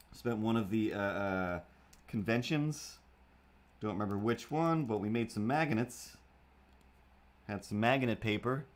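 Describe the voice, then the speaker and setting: A young man hosting a livestream, chatting casually while he draws. He rambles, jokes at his own expense and often drifts off topic. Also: on the low side. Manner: meandering, self-deprecating, goofy. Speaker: livestream host.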